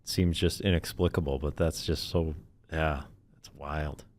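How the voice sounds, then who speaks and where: A man's voice: a bass voice, fairly even intonation, measured pace, a little mellow. A man hosting a podcast interview, giving brief, encouraging responses and asking questions. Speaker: podcast host. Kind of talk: casual interview.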